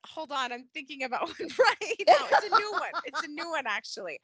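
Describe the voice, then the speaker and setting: A woman co-hosting a podcast in casual chat, animated and laughing, acting out characters' lines. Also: very high voice, measured pace, pauses often, no room sound. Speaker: podcast co-host. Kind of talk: casual chat recapping a soap opera.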